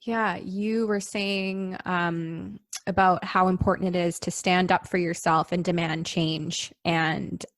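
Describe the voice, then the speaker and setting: A woman hosting an interview, thoughtful and hesitant, with many pauses and fillers. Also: lowish voice, fairly even intonation, no room sound. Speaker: podcast host. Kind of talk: conversational interview.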